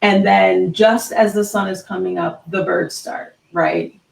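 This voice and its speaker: Gravelly motivational woman, set back in a roomy space. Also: mid-range voice, steady tone, unhurried, distant mic. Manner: emphatic, keeps asking "right?". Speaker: host. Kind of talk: motivational live talk.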